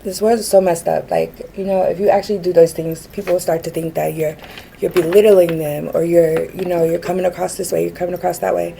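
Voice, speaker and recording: A low-pitched woman with a gravelly edge to her voice talks through a personal rant, earnest and frustrated. Her tone is dark and mellow, and a faint hiss of background noise sits under the recording. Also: level tone, a little fast, poor audio. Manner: earnest, frustrated, many fillers and restarts. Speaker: vlogger.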